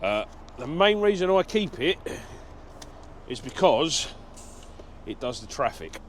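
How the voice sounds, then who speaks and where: He takes it slowly, his fairly high voice very animated, with a slight hiss or hum in the background. The speaker is a lorry driver from England vlogging casually in his cab, rambling and self-deprecating as he reads out comments from viewers.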